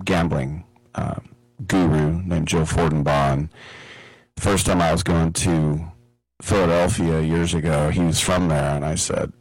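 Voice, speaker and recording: A man's voice: sits low, no echo, rough recording. A man hosting a casual radio talk show, rambling and joking with lots of fillers, on a studio microphone. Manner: rambling, jokey, with many fillers.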